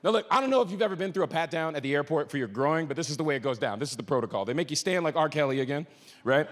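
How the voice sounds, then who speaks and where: High gravelly guy doing stand-up, super animated, hall reverb. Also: rapid-fire. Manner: animated, swings between low mutters and high shouted outbursts. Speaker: stand-up comedian. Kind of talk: stand-up comedy storytelling. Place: comedy stage in a large hall. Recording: live hall with reverb and faint noise.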